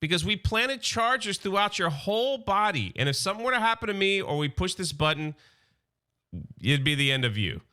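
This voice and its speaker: A man voicing a cool-headed adult male mercenary who speaks in a calm, warning tone. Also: high-pitched, normal speed, clean tone, voice pushed up, full character voice. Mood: threatening.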